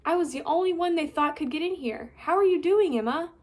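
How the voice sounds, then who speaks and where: A woman's voice: very high voice, a little fast, darkish tone, voice pushed up. A woman voicing a polite, patient young boy who talks earnestly.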